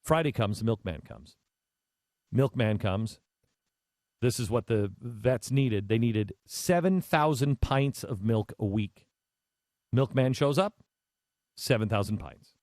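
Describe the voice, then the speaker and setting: Man hosting a talk show, animated storyteller, frequent restarts, mid pitch, dry close sound. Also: slow pace, pauses often, no echo. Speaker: radio show host. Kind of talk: talk radio storytelling monologue.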